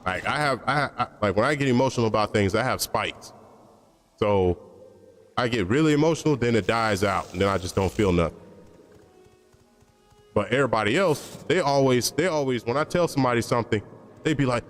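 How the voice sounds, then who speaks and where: A man's voice: medium pitch, lively intonation, fairly quick, pauses often, soft background music. Blunt, rambling man streamer in reverb. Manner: blunt, opinionated, rambling with slang and profanity. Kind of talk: casual stream chat.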